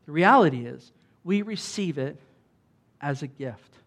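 A man's voice: fairly high pitch, animated, unhurried, fairly bright tone. A man preaching a sermon in an emphatic, conversational way, with lots of asides to the congregation. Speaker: pastor.

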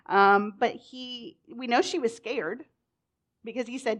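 A woman's voice: a little high, slow pace. Chatty woman teaching a Bible lesson. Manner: chatty, frequent "like", animated storytelling.

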